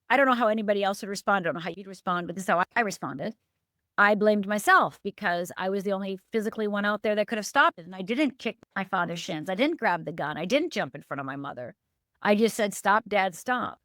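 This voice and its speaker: A life coach, a middle-aged woman from Upper Michigan, recounts a painful chapter of her life as a guest on a podcast. Her fairly bright voice runs a little fast, earnest and emphatic, with pitch that lifts and drops without warning. It's a clean studio recording without room sound.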